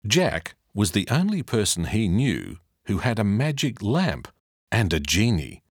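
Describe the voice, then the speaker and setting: A man narrating a children's read-along audiobook in a slow, expressive reading style. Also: fairly low pitch, breathy edge, dry recording, clean studio sound.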